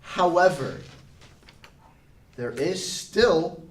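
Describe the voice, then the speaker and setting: A man's voice: fairly high pitch, lively intonation, drawn-out words, roomy sound, recorded from a distance, a little hiss or hum, low-quality recording. A young man in a casual group chat, speaking in a subdued way. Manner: subdued, reluctant. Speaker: panelist.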